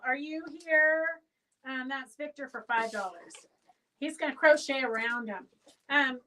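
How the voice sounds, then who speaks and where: A high, bright-voiced woman runs a live fabric sale from her shop, rambling cheerfully as she calls winners and goes once, goes twice. She sounds set back a little from the microphone. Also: recorded from a distance, low-quality recording. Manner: chatty, rambling, calling out winners' names. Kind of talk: live sale stream, casual chat and auction calling.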